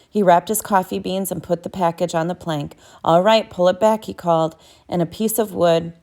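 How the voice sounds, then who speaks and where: A woman's voice: fairly low pitch, darkish tone. A woman narrating a novel as an audiobook, reading steadily with small self-corrections.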